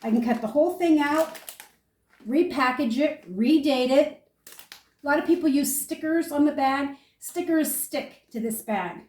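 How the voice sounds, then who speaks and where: An older homesteading woman tells her story with animated, chatty energy. Her voice sits a little high, and it rings in an echoey room. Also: a little slow, distant mic. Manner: chatty, animated storyteller, talks viewers through each step. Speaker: homesteader demonstrating food storage. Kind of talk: casual how-to and storytelling.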